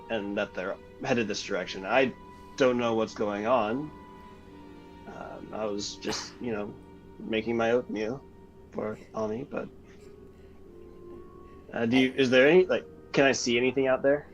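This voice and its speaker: A man's voice: mid-range voice, muffled recording. A man playing a tabletop game, hesitant with many fillers. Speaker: player.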